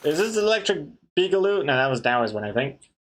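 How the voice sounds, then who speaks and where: Quick and very animated, a comic artist streamer with a voice on the high side chats casually. He reads viewer messages aloud and laughs at the jokes in the chat.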